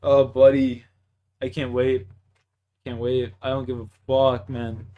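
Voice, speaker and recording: A man's voice: mid-range voice, flat delivery, takes it slowly, phone-quality sound. A young man from Canada with a Canadian accent, chatting casually in a laid-back, profane, slangy way. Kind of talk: casual chat.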